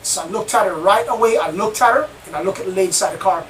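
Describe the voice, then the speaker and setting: High-pitched guy rambling thru his own story, mic kinda far away. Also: fast talker, a bit bright. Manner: rambling, repetitive retelling. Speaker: channel host. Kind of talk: first-person storytelling. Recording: distant mic, faint background noise.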